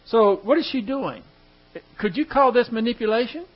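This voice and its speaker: High-voiced preacher, chatty. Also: male voice, animated, moderate pace. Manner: chatty, joking asides, reads scripture aloud. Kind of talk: folksy bible teaching. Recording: dull lo-fi recording with mains hum.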